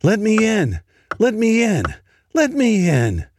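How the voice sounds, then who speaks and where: A man's voice: high-pitched, huge pitch swings, slow pace, pitched above the performer's own voice, exaggerated voice. A man voicing an unseen creature that imitates a scared little girl, pleading and stammering. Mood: insistent. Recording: noisy home recording.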